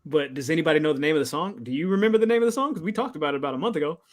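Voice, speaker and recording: A man co-hosting a podcast, chatting casually in laid-back slang with quick laughs. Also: fairly high pitch, expressive. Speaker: podcast co-host. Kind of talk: casual chat.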